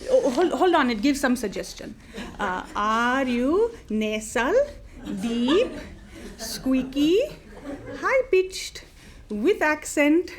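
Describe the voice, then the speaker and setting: In a live comedy monologue, a woman plays a chatty older temple lady with a foreign accent, halting with many fillers as she mothers a caller on the phone. Her high, sing-song, exaggerated voice is slow and flustered, yet patient and motherly, like a nosy aunt.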